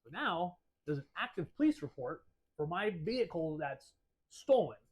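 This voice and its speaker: A man with a slightly high voice tells a story straight to camera. He is animated and a bit profane, and he acts out both sides of his phone calls as he goes. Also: moderate pace, slightly rough, poor audio. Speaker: shop owner telling a story.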